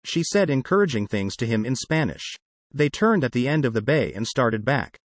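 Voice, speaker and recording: A male audiobook narrator reads in a steady, measured manner. His voice is medium in pitch, and the recording carries no room sound.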